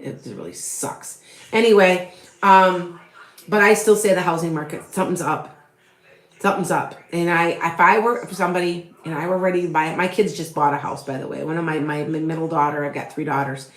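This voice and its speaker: A woman's voice: on the low side, fairly even intonation, fairly quick. Chatty middle-aged woman in echoey room. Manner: rambling, chatty, many fillers and restarts. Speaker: tarot reader and psychic medium. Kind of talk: live tarot reading with viewer questions.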